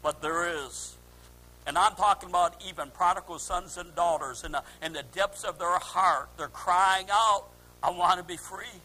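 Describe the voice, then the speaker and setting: Male preacher, high and bright, fervent with shouted calls. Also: moderate pace, husky, rough recording. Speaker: pastor. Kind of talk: sermon.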